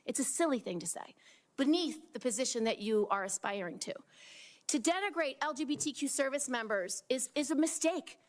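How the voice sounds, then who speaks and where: High-voiced woman senator questioning pointedly. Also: lively intonation, normal speed. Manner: pointed, indignant, restarts sentences. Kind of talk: questioning at a hearing.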